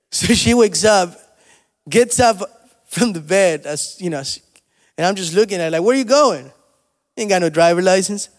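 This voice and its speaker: A male pastor preaching a sermon, moving between soft storytelling asides and loud, rising exhortation. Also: high-pitched, measured pace, long pauses, long reverb tail. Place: church sanctuary.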